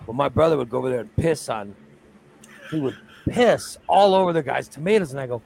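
Gravelly man rambling through a crude story. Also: mid-range voice, lively intonation, normal speed, a little mellow, a little hiss or hum, low-quality recording. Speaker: radio show co-host. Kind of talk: casual chat.

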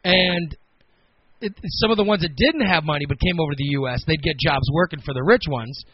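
A man's voice: a little high, brisk, slightly rough, dry recording. American man, radio host, dry close sound, slightly muffled, rambling teasing chat. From United States. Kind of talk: casual call-in radio banter.

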